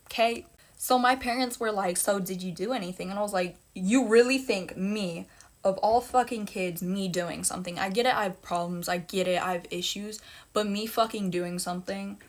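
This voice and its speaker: A young woman telling a personal story in a casual storytime monologue, blunt and emphatic, with heavy swearing and repeated phrases. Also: medium pitch.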